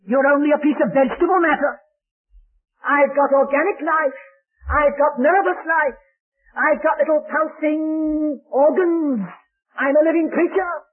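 A man's voice: extremely high pitch, unhurried, voice pushed up. A man voicing a tiny insect that boasts proudly to a tree. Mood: boastful. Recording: tinny old lo-fi recording.

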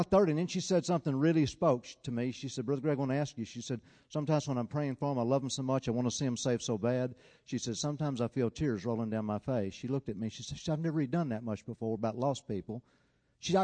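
A male preacher delivering a sermon, his voice sitting in the middle of the male range. He tells a story with feeling, at times urgent and loud, at times dropping to a hush. The sound carries a long reverb, as in a large church hall. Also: mid-range voice.

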